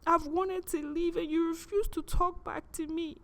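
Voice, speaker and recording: A woman sharing a personal faith testimony in an earnest, halting way, often repeating words as she speaks. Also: very high voice, fairly even intonation, fairly bright tone.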